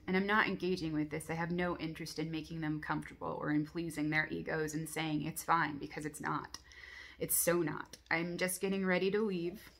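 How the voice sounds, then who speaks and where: A woman's voice: on the low side, flat delivery, a little fast, gravelly. A woman recounting a dream from her journal, blunt and candid with frequent swearing, intense and reflective.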